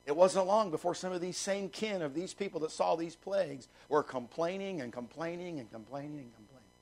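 Gravelly high-voiced preaching man. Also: a little fast, low-quality recording. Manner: emphatic preaching with wide swings in pitch and loudness; repeats phrases for emphasis. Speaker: pastor. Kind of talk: sermon.

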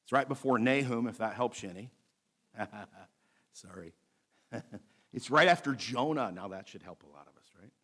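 A male pastor delivering a sermon, reading scripture slowly and adding light asides with a bit of humor. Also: medium pitch, lively intonation, fairly bright tone. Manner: preaching with light humor, slows to read scripture aloud.

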